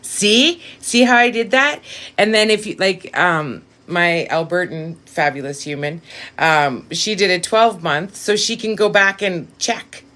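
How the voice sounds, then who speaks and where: A woman with a slightly low voice hosts a casual live-stream tarot reading, speaking directly to her viewers in a blunt way and swearing readily. At times she leaps up in excitement, then settles into a quiet aside.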